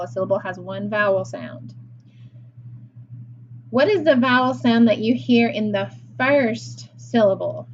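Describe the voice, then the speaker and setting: A woman teaching a phonics lesson to young children, deliberate and encouraging, with frequent praise. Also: medium pitch, highs cut off, a little hiss or hum.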